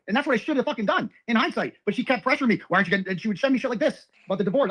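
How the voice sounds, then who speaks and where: A man with a high, bright speaking voice rattles through a profane rant at breakneck speed. He reads old messages aloud and tears into each one without pausing. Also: expressive. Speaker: man recounting his ex's messages. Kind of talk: ranting monologue.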